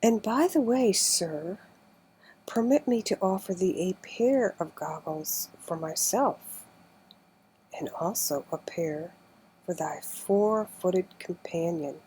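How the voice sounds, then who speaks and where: A mournful little courtier of an underground land speaks slowly in a low, musical voice, as a woman reading an audiobook puts him on. His formal, old-fashioned words come out soft and breathy. He sounds deeply sad and solemn. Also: animated, full character voice, rough recording. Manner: archaic formal speech, mournful.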